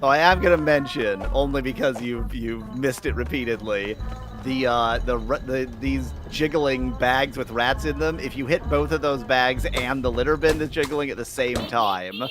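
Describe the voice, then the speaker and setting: A man joining a game stream as a guest, giving tips and chuckling between halting remarks. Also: medium pitch. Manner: chuckling, hesitant with fillers. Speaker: guest co-commentator. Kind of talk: casual gameplay chat. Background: game music.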